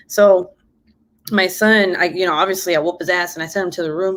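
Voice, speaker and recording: A woman's voice: fairly low pitch, fairly even intonation, moderate pace, fairly bright tone. A young mother chats straight to her viewers while working on a diamond painting. She tells the story casually, swears freely and laughs at her own troubles. She acts out what her kids and she herself said. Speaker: vlogger, mother of three boys.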